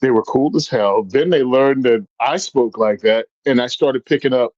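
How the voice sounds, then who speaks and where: A man from Virginia, a guest telling stories in a casual chat, animated and quick to jump into voices. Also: medium pitch, no room sound. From Virginia, US South. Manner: animated, jumps into funny voices. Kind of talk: casual storytelling. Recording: dull, dry sound.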